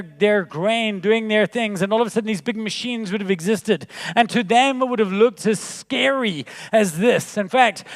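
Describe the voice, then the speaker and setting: A man giving a conference keynote talk, telling animated stories with jokes and punchlines, in a large conference hall. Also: high voice. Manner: jokey, animated storytelling with punchlines. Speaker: keynote speaker. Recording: long reverb of a large hall.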